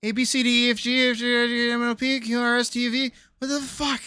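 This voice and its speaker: Woman streamer yelling and swearing at stuff, high voice, super dry mic. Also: level tone, quick pace, hardly any pauses, clear, resonant tone, no room sound. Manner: loud, exclamatory, swears freely, laughs often. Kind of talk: casual live-stream reaction.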